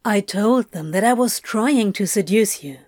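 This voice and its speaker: A woman reading aloud and voicing a sly male demon who speaks low and seductively in slow murmurs. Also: animated, no room sound, studio quality. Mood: low, worried. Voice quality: low, hushed.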